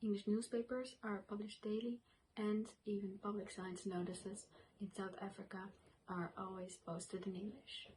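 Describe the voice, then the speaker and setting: A young woman reading a school presentation in a soft, breathy whisper. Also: mid-range voice, little pitch movement, normal speed. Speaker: student presenter. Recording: noisy recording with clicks.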